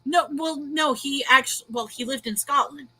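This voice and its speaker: Woman, host, casual livestream chat, bright tone, rambling, laughs a lot. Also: high voice, normal speed, no room sound. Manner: rambling, laughs often, reads viewer comments aloud.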